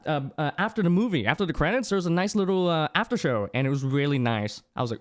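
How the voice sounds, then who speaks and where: A young adult livestreamer chatting casually with viewers, rambling and excitable, with many restarts. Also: medium pitch, fast talker, hardly any pauses. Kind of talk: casual chat with stream viewers.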